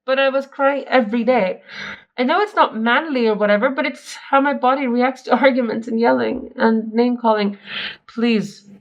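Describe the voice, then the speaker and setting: A woman's voice: a little high, muffled recording. A young woman reading an online post aloud and reacting to it in a chatty, giggly way, often breaking off to comment. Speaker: story reader and commentator.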